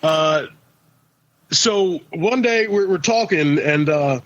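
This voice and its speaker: A man's voice: on the high side, lively intonation, takes it slowly, fairly bright tone, lo-fi sound. A man co-hosting a podcast in casual chat, rambling and swearing, with many restarts. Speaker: podcast co-host.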